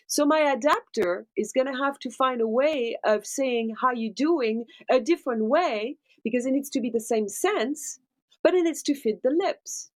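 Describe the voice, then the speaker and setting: A woman, a dubbing producer, gives animated interview answers and keeps checking in with tag questions. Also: high-pitched. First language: French. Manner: animated explainer, tag questions like right and okay.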